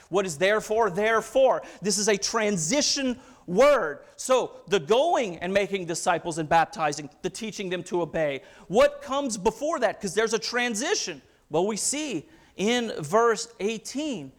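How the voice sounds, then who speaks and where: A pastor preaching a sermon with passion, building through rhetorical questions and quoted scripture. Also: male voice, high voice.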